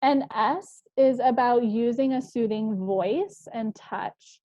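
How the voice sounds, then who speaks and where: A woman psychologist explains parenting skills in a calm, measured way, now and then pausing on an "um". Her voice sits a little high and sounds mellow and warm. The recording is dry and slightly dull. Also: no echo. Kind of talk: parenting presentation.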